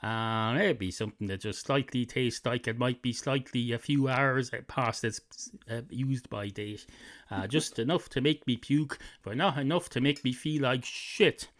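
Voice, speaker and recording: A man putting on a blunt, fussy female cat who rambles and swears. The voice sits at a middle pitch, and the line reads like an improvised comic bit. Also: a little slow, fairly bright tone, lightly acted. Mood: chatty. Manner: rambling, sweary, self-correcting.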